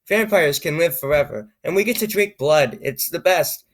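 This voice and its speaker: A man reading the lines of a smug vampire scientist in a silly storybook, in a casual, fairly high voice. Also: lively intonation, normal speed.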